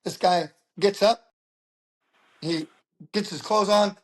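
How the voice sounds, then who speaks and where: A middle-aged man, a public speaker, talking as an interview guest and telling stories in a lively way. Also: sits high, takes it slowly, a little hiss or hum. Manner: animated storyteller who acts out quoted voices. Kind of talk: casual interview talk.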